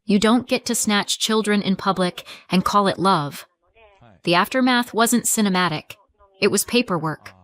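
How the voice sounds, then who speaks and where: A woman narrating a scripted first-person family drama story in a measured, dramatic way. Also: medium pitch, fairly bright tone.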